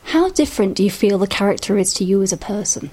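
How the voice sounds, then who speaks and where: A woman's voice: medium pitch, expressive, fast. Encouraging woman interviewer. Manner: warm, encouraging, enthusiastic. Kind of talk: interview questions.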